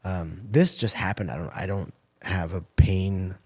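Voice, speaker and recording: Low husky man in his forties. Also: a little slow, darkish tone. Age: 40s. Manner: candid, profane, storytelling with quoted asides. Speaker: guest, former fighter turned coach. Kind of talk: candid interview talk.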